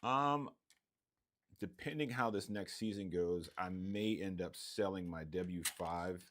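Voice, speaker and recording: A man chatting casually and mumbling to himself while he builds RC cars, rambling and playful. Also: deep voice. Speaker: hobbyist streamer building RC cars. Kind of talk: casual talk while working.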